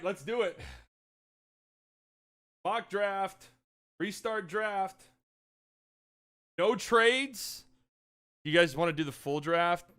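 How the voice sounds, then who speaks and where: A man with a high, smooth, resonant voice hosts a casual online mock draft. He drifts between quiet mumbled asides and loud mock-announcer calls, talking into a desk mic. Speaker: host running a community mock draft. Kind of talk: casual livestream chat with mock announcer bits.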